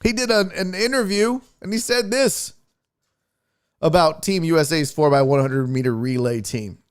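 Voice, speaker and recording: A man's voice: on the high side, normal speed, clean tone. A man hosting a sports talk show, ranting in a casual, profane way.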